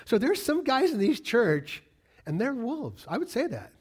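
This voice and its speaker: A man preaching a sermon, animated and full of rhetorical questions, swinging between loud emphatic lines and quiet, low asides. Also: measured pace, husky. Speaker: pastor.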